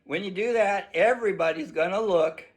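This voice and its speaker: A man teaching a children's self-defense lesson in an animated way, acting out shouts for the kids. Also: high voice, moderate pace.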